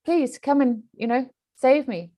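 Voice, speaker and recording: A woman's voice: high voice, unhurried, dark tone, voice pushed up. A woman voicing a stubborn, desperate person drowning in a pond, pleading and wailing for help.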